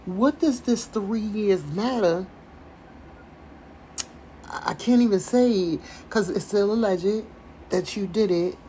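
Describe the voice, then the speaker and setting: A woman's voice: medium pitch, slow pace, long pauses, warm tone, a little hiss or hum, rough recording. A woman commentator reading a letter aloud and breaking off into chatty, exasperated asides. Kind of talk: casual commentary with dramatic reading.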